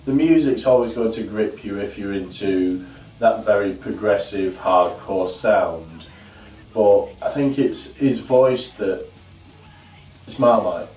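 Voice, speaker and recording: Slow and fairly low, with a darkish tone, this man's voice carries dry, sarcastic remarks in a casual music chat. He is an album-reviewing vlog co-host filmed in a fireplace room at home, heard through a far-off mic with roomy sound and faint noise behind him.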